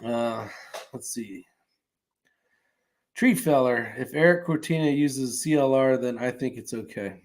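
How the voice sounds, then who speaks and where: A man's voice: mid-range voice, measured pace, long pauses. Man, livestream host, casual chat, rambling, reads comments aloud, easygoing. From California. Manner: rambling, with fillers and chuckles. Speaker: host reading live chat.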